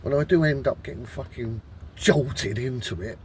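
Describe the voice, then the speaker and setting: A man's voice: medium pitch, moderate pace, a little hiss or hum. A man vlogging outdoors in a wood, rambling in an exasperated way, swearing a lot and restarting his sentences. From Britain. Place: woodland outdoors.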